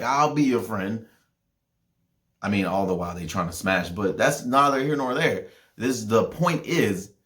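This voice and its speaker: A young man hosting a podcast, ranting in a heated, profane way, with loud outbursts and low mutters. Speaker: podcast host.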